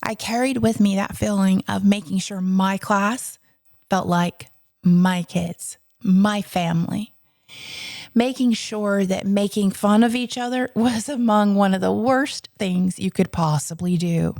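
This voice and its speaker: Woman podcast host and educator, chatty and earnest, slight fry, dry close mic. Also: medium pitch, a little slow, a little mellow, no echo. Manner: chatty, earnest, asides to listeners. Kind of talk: storytelling podcast monologue.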